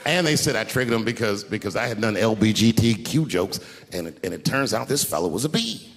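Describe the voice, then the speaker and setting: Middle-aged male comedian, animated storytelling, shouted punchlines, lively pitch, reverberant hall. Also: brisk, creaky. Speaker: stand-up comedian. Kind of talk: stand-up routine. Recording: live hall reverb, faint background noise.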